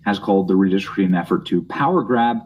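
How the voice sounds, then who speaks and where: Young guy with a low voice mocking the news, sarcastic, faint hiss behind. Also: expressive, fast, dull audio. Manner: mocking, snide asides while reading news. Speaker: political commentary host. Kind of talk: sarcastic political commentary.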